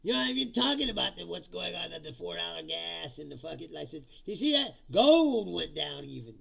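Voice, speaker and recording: A man's voice: on the high side, very animated, fairly quick, creaky, sharp tone. A man hosting a live comedy stream on politics, reading chat and mocking commenters with profane jokes and frequent laughter. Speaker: host. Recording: dull lo-fi sound.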